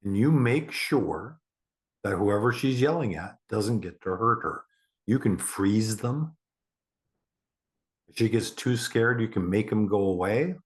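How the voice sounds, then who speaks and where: A man with a fairly low voice guides the listener through a meditation. He talks slowly and calmly, leaving long pauses, and speaks straight to the listener in a reassuring way. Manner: slow and deliberate with long pauses.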